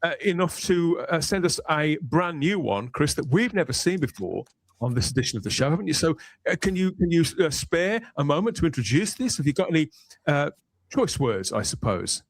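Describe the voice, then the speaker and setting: Chatty podcast host. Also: male voice, fairly high pitch, very animated, brisk, dry recording. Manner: jovial, chatty, leading the talk. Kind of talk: casual podcast hosting.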